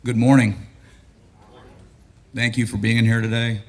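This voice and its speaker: A battalion chief of training with a raspy, hoarse voice, giving a relaxed, joking and grateful speech at a graduation ceremony. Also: male voice, mid-range voice, measured pace, slight background noise. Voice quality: raspy, losing his voice.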